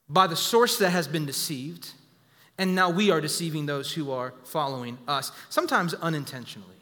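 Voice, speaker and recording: Bright-voiced pastor preaching in a reverberant hall. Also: male voice, a little high, lively intonation, moderate pace. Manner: emphatic, repeats key phrases for the congregation. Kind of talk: sermon.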